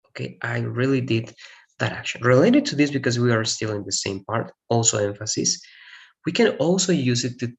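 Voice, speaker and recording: A man's voice: mid-range voice, vocal fry. A man whose first language is Spanish, teaching an English grammar lesson and explaining step by step, repeating key points and checking in with "all right?".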